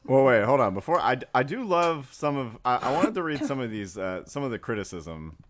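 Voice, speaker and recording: A man's voice: medium pitch, very animated, a little fast. A man hosting a comedic podcast, reading critics' quotes aloud through amused laughter. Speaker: podcast host. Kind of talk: casual comedic chat.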